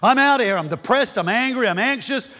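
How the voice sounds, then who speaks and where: Preacher doing a gloomy old prophet, complaining, somewhat lowered voice, long reverb. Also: male voice, lively intonation, normal speed, a bit bright. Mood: despairing. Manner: complaining, self-pitying. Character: despairing, indignant old male prophet.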